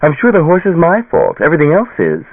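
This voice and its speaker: A man's voice: huge pitch swings, quick pace, no room sound, exaggerated voice. A man voicing an upset, stubborn teenage daughter in an audiobook, tearful and defiant. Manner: tearful, defiant and high-pitched. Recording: tinny phone-like dry sound.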